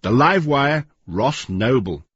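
Husky man narrating a radio documentary. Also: medium pitch, expressive, a bit bright, no room sound, lo-fi sound. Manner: measured, wry narration. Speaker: presenter.

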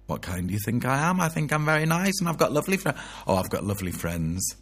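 A man's voice: medium pitch, sing-song, quick pace, a bit bright, breathy edge. A man rambling through a comic solo chat, self-mocking and jokey, with sing-song asides. His mid-range voice swoops up and down as he talks. Faint music plays behind him. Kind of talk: playful comic monologue.

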